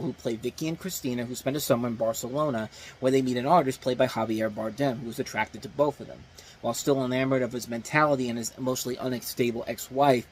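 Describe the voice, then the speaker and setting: A man's voice: mid-range voice, a little hiss or hum. A man hosting a casual film review show, rambling through his opinions with many fillers and restarts. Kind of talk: casual spoken movie review.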